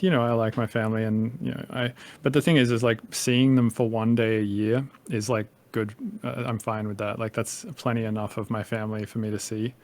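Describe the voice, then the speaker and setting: A man's voice: mid-range voice, darkish tone. Rambling man with a light Australian accent. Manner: rambling, filler-heavy, casual swearing. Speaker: podcast guest, music producer. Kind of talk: casual conversation.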